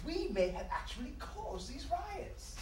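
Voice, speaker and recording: A man's voice: extremely high pitch, very animated, a little slow, background noise, exaggerated voice. A man playing a hesitant, posh British prime minister in a sketch, recorded on an echoey stage from a distance. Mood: flustered.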